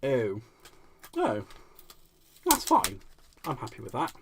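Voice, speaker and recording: A man's voice: medium pitch, huge pitch swings, slow pace, creaky, background noise. A man hosting a live crafting demo. He is giggly and playful, mocks himself and answers viewers' comments as he works. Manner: giggly, playful, self-mocking, reacts to chat comments. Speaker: crafting livestream host.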